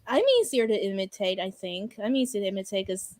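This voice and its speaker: A woman's voice: mid-range voice, fairly quick, a little mellow, no room sound. A woman hosting a casual chat stream who babbles on and swears freely. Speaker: streamer host.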